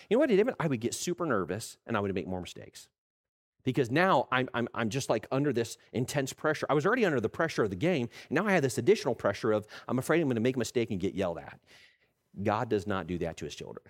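Middle-aged male pastor delivering a sermon, very lively pitch, animated, acts out quoted voices. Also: quick pace.

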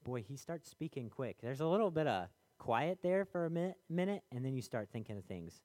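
A man's voice: mid-range voice, very animated, brisk, a little mellow, no echo, studio quality. A man preaching a sermon in a conversational way, with many fillers, acting out the voices in his stories.

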